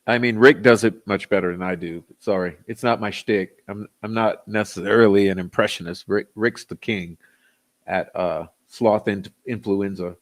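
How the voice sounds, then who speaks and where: A man's voice: lowish voice, steady tone, normal speed. Sarcastic, profane man ranting. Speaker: commentary channel host. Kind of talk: ranting commentary.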